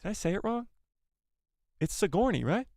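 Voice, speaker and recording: A man's voice: sits high, very animated, normal speed, a little mellow, dry recording. A man hosting a casual live stream, joking with his chat and mocking himself.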